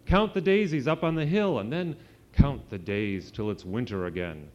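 A man's voice: medium pitch, expressive, normal speed, darkish tone, slight background noise, lightly acted. Bossy male cat, voiced by a man, haughty, storybook read-aloud, dull recording.

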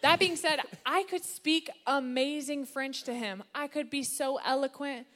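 Woman speaker, fairly high voice, playful and lively church talk on marriage. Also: a little slow. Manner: lively, playful, sprinkles in funny put-on voices. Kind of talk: sermon-style talk on marriage.

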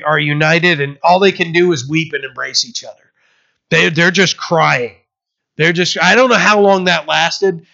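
A man's voice: on the high side, vocal fry, pushed and bright. A male pastor giving an informal, conversational Bible teaching sermon, retelling scripture scenes in everyday speech. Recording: slightly muffled lo-fi recording.

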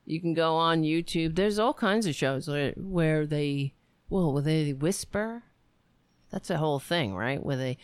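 A woman's voice: low-pitched, normal speed, clear, resonant tone, no echo. A woman hosting her own live-streamed talk show, rambling through a casual monologue, swearing freely and poking fun at herself. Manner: animated, digressive, swears freely, self-mocking.

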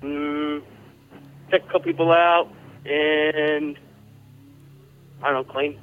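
A man's voice: fairly high pitch, level tone, slow pace, clear, resonant tone, faint music behind. A man calling in, giving short laid-back answers in a casual phone call. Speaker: caller.

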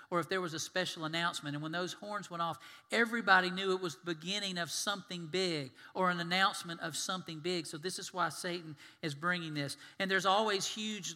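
A man preaching a sermon, animated and storytelling, acting out the scenes he describes. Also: a little high. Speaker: pastor. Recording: long hall reverb.

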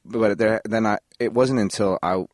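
A man from Chicago telling long animated stories as a podcast guest, in a casual interview. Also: on the low side, normal speed, no echo, studio quality. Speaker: actor guest.

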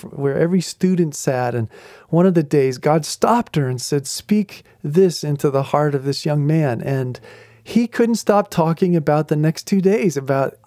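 Male podcast host, fairly high voice, mellow tone, chuckling, animated faith storyteller. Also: no echo, studio quality. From New England. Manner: animated, chuckling storyteller who acts out quotes. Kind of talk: faith-based storytelling talk.

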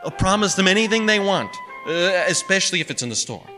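A man doing a gruff, impatient store boss. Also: high voice, animated, pitched above the performer's own voice. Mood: brusque. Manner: gruff, exasperated, talks in rapid bursts. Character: brusque harried male store manager, impatient. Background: music.

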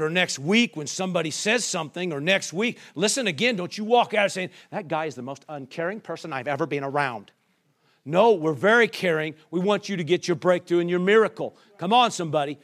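A man's voice: sits high, animated, moderate pace. A man preaching a sermon as pastor, firing off rhetorical questions and calling for the congregation's response. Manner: call-and-response preaching, rhetorical questions, acts out quoted voices.

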